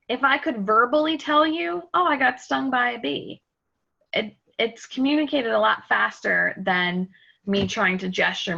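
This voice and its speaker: A woman leads an online workshop over a video call, speaking with energy and plenty of fillers and restarts. Her voice has a gravelly texture and a bright, forceful edge. The video call audio sounds a little muffled. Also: mid-range voice. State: out of breath. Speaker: webinar presenter. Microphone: computer mic on a video call.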